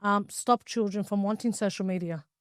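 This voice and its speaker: A woman's voice: mid-range voice, normal speed, no room sound, studio quality. A woman podcast host, chatting casually, a confident and upbeat storyteller.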